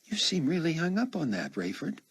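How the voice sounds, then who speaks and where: A man's voice: fairly high pitch, huge pitch swings, a little fast, creaky, husky, voice pushed up, full character voice. A man doing a hurt, guarded woman. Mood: wary.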